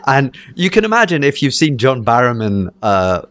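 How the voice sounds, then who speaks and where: A man's voice: medium pitch, very animated, normal speed, a bit bright, no room sound. A man with an accent that is part Scottish and part English, chatting casually and rambling with many fillers and restarts. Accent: mixed Scottish and English. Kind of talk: casual chat.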